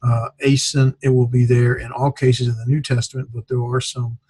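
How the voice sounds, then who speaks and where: Halting man teaching a Greek class. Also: medium pitch, little pitch movement, darkish tone, husky, no echo. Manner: halting, many fillers and self-corrections. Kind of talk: classroom lecture.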